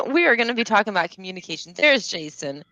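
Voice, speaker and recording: A woman's voice: medium pitch, pushed and bright, no room sound, lo-fi sound. A woman with a Southern US accent, co-hosting a casual chat in a rambling, laughing way. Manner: chatty, rambling, quick to laugh. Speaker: co-host.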